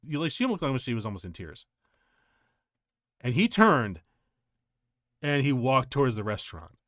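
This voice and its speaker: A male streamer telling a personal story in casual chat, rambling and halting, with many restarts. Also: medium pitch, a bit bright, no room sound, clean studio sound.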